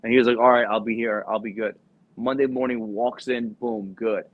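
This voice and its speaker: A young man spins a long, profane story as a podcast guest, slipping into the voices of the people he quotes. His voice sits at an ordinary middle pitch. The audio is dull and lo-fi. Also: steady tone, fairly quick. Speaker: podcast guest, former Marine recruiter. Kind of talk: casual storytelling.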